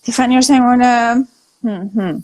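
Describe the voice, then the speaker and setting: A woman's voice: a little high, normal speed, darkish tone. A woman with an Italian accent, a native Italian speaker, chatting casually on a live stream, playful and self-deprecating. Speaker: actress.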